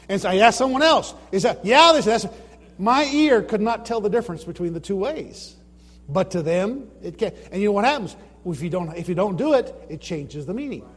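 A man's voice: high voice, husky, big-room sound. A man giving an informal presentation about his Bible translation work, explaining points and asking the audience rhetorical questions. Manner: explanatory, asks rhetorical questions, retells his own anecdotes.

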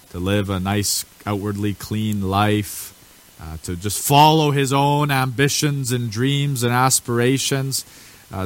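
A man preaching a sermon to a group of men, talking casually and then rising to forceful, emphatic declarations. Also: mid-range voice.

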